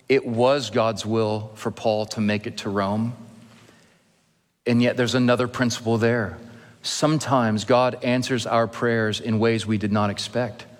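A man preaches to his congregation in a steady, middle-pitched voice, earnest and now and then gently joking. His words linger in the long reverb of a church hall. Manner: earnest, gently humorous preaching with emphatic pauses. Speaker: pastor. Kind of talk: sermon. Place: church sanctuary.

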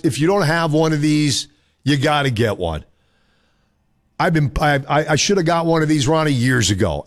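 Chatty male radio host. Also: medium pitch. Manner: relaxed, chatty, reads ads off-the-cuff. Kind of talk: casual radio chat.

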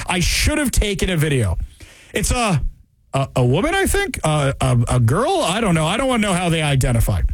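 A man's voice: on the high side, dry recording. A man hosting a talk show, delivering an opinionated monologue with a sarcastic, mocking tone.

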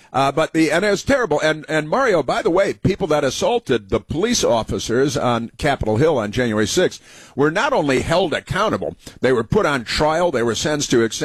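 A man's voice: medium pitch, no room sound. A man hosting a talk radio show, delivering a rambling political monologue full of uhs, sarcastic and scornful.

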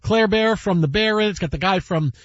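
A man's voice: high-pitched, fairly quick, no room sound. A man hosting a sports radio show, talking in a rambling, jokey way. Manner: rambling, jokey, breaks into song and impressions. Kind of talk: casual radio banter. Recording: dull lo-fi radio studio sound.

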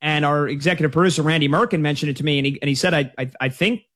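A man's voice: fairly high pitch, racing. Chatty sports radio host, man. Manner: conversational, lively storytelling.

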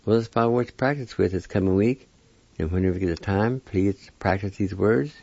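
A man's voice: on the low side, fairly quick, gravelly, darkish tone, dry recording, dull audio. A man teaching a weekly pronunciation lesson on radio, patiently spelling words and repeating each one syllable by syllable.

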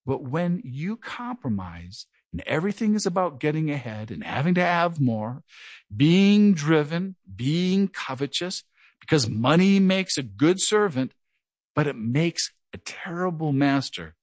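Lively, earnest male Bible teacher. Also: on the high side, unhurried, no room sound. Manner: earnest, lively preaching with a self-described stutter. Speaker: pastor.

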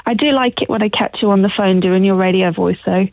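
A woman's voice: medium pitch, fairly quick, no echo. A woman, the host's wife, teasing him in casual chat over a phone line.

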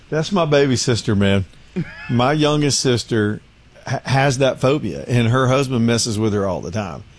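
A man's voice: mid-range voice, lively intonation, unhurried, slight background noise. A man hosting a radio talk show, telling stories in casual chat, often acting out voices and laughing.

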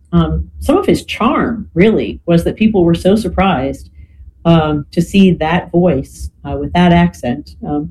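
Mellow lecturer with "you know" fillers. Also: mid-range voice, slight background noise, rough recording. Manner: frequent "right?" checks and "you know" fillers. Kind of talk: explanatory talk.

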